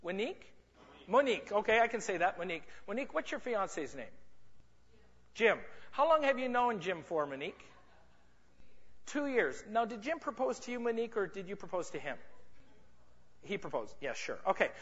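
A man with a high voice gives a playful, joking sales seminar to a live audience in a large conference room. He teases audience members as he talks. The sound is a little muffled and carries a long hall echo. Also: sing-song, moderate pace, pauses often, a bit bright, slightly rough. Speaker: sales and marketing speaker. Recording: muffled reverberant hall recording.

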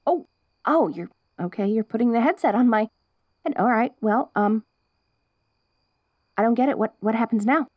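A woman's voice: fairly high pitch, animated, normal speed, long pauses, no room sound, muffled recording. A young woman voicing a perky, curious wolf girl in an ASMR role-play, bubbly and giggly with restless chatter.

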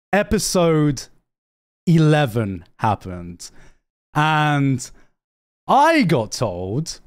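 A young man streaming a casual anime rant, excitable and repetitive, swearing often. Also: a little high, clean tone. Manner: excitable, swears a lot, repeats himself. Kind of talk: animated casual ranting.

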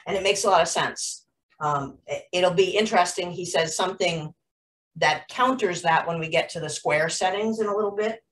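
A woman instructor explains techniques in a loose, chatty way, full of ums and restarts. Her voice sits low and comes through a video call a little off-mic. A faint hiss of room noise runs underneath. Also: normal speed, a bit bright, far from the mic, poor audio. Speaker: jewelry-making instructor. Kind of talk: live online class instruction.

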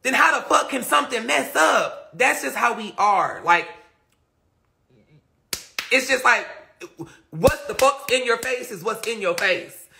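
Woman live-stream host, sharp and bright in tone, profane, emphatic, chatty with viewers. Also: fairly high pitch, expressive, measured pace, gravelly, pauses often, a little hiss or hum. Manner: rambling with many repeated fillers. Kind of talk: casual live-stream chat reading viewer comments. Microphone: phone or webcam on a live stream.

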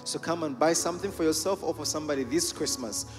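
A man's voice: a little high, fast. A man representing a visiting ministry, making playful, joking announcements to a church congregation. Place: church sanctuary. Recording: church hall reverb with faint music.

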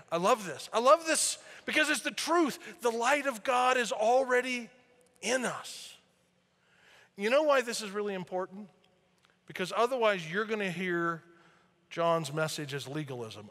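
A man preaching a sermon as pastor, animated, swinging between loud emphasis and quiet asides. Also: high-pitched, measured pace, long reverb tail. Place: church sanctuary.

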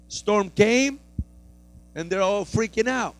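Guy pastor with a high voice preaching, goes from soft to loud and fired up. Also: very slow. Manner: builds from soft teaching to loud preaching, acts out frightened disciples. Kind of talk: sermon.

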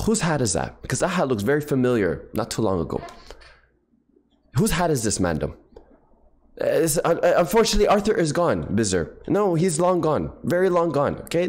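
A man streaming a video game live, talking in an animated, slangy, jokey way and swearing a lot. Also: fairly high pitch, a little fast. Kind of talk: live gaming commentary.

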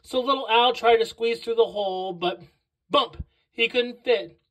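A woman reads a picture book aloud for children. Her fairly high voice moves at an unhurried pace and leans into each sound word. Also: poor audio. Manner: slow, expressive sound-word reading. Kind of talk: read-aloud storytelling for children.

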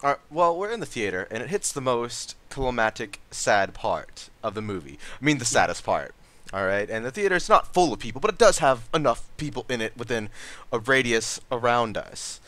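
A man's voice: mid-range voice, very animated, normal speed, sharp tone. A man hosting an interview, chatting casually and telling a story. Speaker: interviewer, host.

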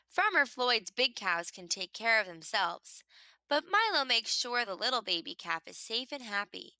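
A woman reading a children's picture book aloud in an expressive storytelling manner, making the animal sounds herself. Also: on the high side, moderate pace, no room sound.

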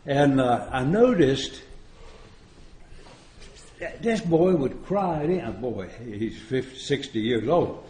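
A man's voice: medium pitch, very animated, slow pace, long pauses, a little mellow, slight background noise. A man speaking at a recovery retreat, telling stories in a folksy, joking way and chuckling often. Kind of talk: storytelling recovery talk. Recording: echoey room.

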